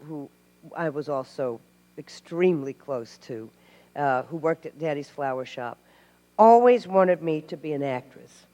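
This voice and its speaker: A woman's voice: sits low, unhurried. Woman telling stories in a hall. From Tennessee. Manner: animated, laughing, with restarts. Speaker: actress guest. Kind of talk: live Q&A storytelling. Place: stage before a live audience. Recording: hall reverb.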